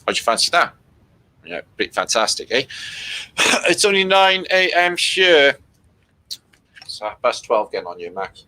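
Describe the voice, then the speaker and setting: A man's voice: mid-range voice, very animated, unhurried, pauses often, sharp tone, poor audio. A man hosting a casual livestream from home, rambling, swearing freely and reading out viewers' comments. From Britain. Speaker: livestream host.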